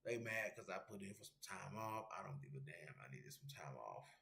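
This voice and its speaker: A deep, gravelly male voice with a sharp tone and a sing-song lilt hosts an MMA show, speaking a little fast in a reverberant space. It's a casual livestream where he rambles loosely, swears freely, and reads chat messages aloud to viewers.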